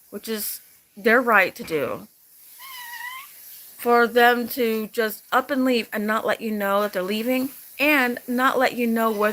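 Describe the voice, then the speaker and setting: A woman's voice: on the high side, fairly bright tone, a little hiss or hum. Angry, upset woman venting. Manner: angry, venting, repeating herself. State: upset and sleep-deprived. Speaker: vlogger. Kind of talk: emotional personal vlog.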